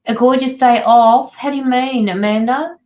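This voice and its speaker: A woman's voice: fairly high pitch, fairly even intonation, moderate pace, mellow, poor audio. A woman tarot reader and medium, chatting casually on a livestream from her home studio, sympathetic and greeting viewers by name.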